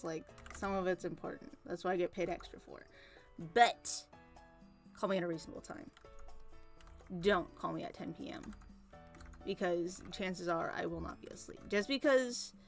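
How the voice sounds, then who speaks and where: A young woman chatting casually and venting while she works on a drawing, rambling and swearing freely. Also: fairly low pitch. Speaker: art streamer. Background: soft background music.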